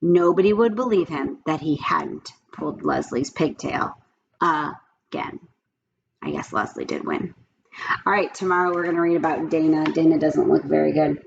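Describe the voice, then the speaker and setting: A woman's voice: low-pitched, moderate pace, gravelly. A woman reading a children's book aloud in a friendly storytelling manner, like a teacher talking to her class. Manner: friendly storytelling, addresses listeners as guys. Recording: dull lo-fi sound with faint noise.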